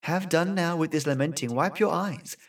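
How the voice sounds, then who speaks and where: A man plays a tender fairy woman in a storybook who soothes her grieving lover. She speaks softly and gently, with a light lift in her voice. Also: on the high side, moderate pace, distant mic, pitched above the performer's own voice.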